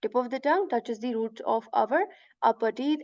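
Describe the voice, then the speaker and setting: A woman teaching letter pronunciation step by step, patiently repeating each sound slowly and checking in with "right?". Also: fairly high pitch, a little mellow, dry recording, muffled recording. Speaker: Quran recitation teacher.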